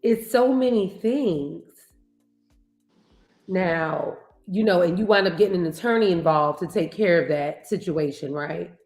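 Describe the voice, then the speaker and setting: A woman hosts the interview, speaking slowly in a fairly low voice. She sounds sympathetic and stresses her points firmly. The recording has a roomy echo with faint music underneath. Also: darkish tone. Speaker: interviewer, host. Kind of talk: conversational interview. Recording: echoey room with faint music.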